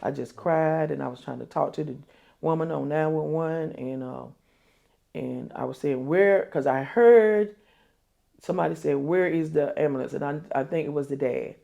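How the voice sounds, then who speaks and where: An older woman, telling a painful family story in an interview, halting and repeating herself. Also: low voice, gravelly, warm tone. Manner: halting, repeats herself, quotes others aloud. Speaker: interview guest. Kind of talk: emotional interview.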